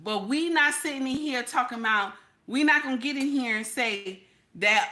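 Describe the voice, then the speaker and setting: A married woman hosting her own channel, giving blunt, profane, animated commentary straight to her viewers. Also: sits high, normal speed. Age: adult, married. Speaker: channel host.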